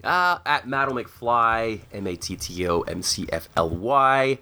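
A man co-hosting a casual podcast, relaxed as he talks about voicing a game. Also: medium pitch, a little slow. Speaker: podcast co-host and voice actor. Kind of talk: casual chat.

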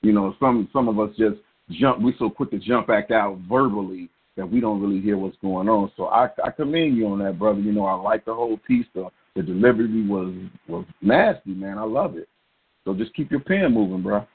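A middle-aged man co-hosts a call-in poetry show on the radio, heard through phone-line audio. His voice is on the low side, fairly quick, and slightly rough, and he chats in a laid-back, encouraging, slangy way.

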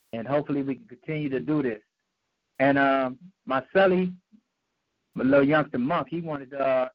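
A man's voice: mid-range voice, dry recording. Radio co-host guy wrapping up, lots of uhs, mid voice, dry muffled line. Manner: halting, many fillers and restarts. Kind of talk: casual sign-off.

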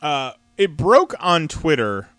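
Bright, rambling male podcast host. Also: on the high side, very animated, slow pace, no room sound. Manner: rambling, with many fillers and restarts, laughing often. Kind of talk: casual podcast chat.

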